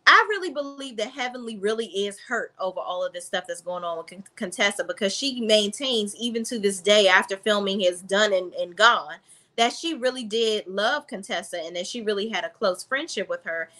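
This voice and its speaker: A woman's voice: mid-range voice, expressive, moderate pace, pushed and bright. A woman reviewing a reality TV episode in a blunt, sassy, casual recap style, talking straight to her viewers.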